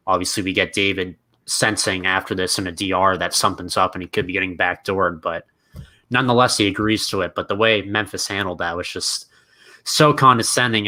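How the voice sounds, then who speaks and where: A man's voice: low-pitched, bright, forceful tone. A man co-hosting a casual recap show over an online call, rambling and hedging as he talks. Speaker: podcast co-host.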